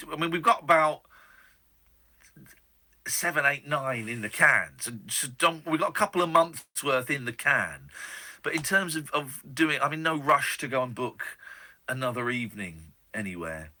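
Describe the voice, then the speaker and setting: A man's voice: medium pitch, big pitch swings, normal speed, sharp tone. A man hosting a late-night radio talk show, rambling and self-deprecating, with many restarts. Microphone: studio microphone.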